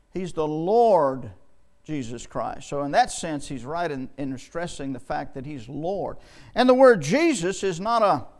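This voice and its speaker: A man with a high-pitched voice preaches a sermon in a plain, folksy manner. He often stumbles and repeats words, then slows down deliberately when he reads scripture aloud.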